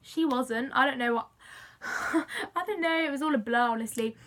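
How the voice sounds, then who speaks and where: A young woman excitedly telling a story to camera, gushing and full of fillers. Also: high voice, moderate pace. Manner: breathless, gushing, many fillers like "like". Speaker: vlogger.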